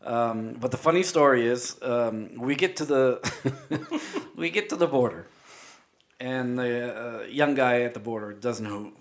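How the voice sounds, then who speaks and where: A man from Canada, a podcast guest, telling a road-trip story in casual chat, animated and laughing often as he acts out the people in it. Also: medium pitch, measured pace.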